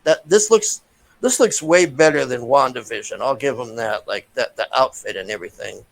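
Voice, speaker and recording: A man's voice: medium pitch, normal speed, vocal fry, low-quality recording. A man giving a casual, profane, frustrated rant as a movie reviewer, with many restarts.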